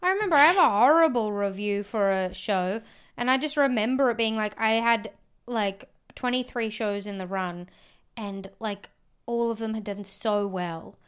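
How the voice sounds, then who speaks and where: A woman comedian with a bright, clear, fairly high voice, co-hosting a casual podcast. She tells stories in an animated, rambling way, with "like" everywhere and quick jokey asides. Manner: animated, rambling storyteller with many "like"s.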